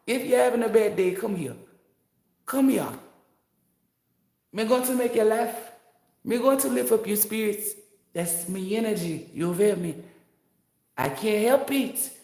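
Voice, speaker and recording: A woman's voice: medium pitch, darkish tone, roomy sound. A woman tarot reader giving casual, motivational commentary in a brash, preachy, profane and playful manner.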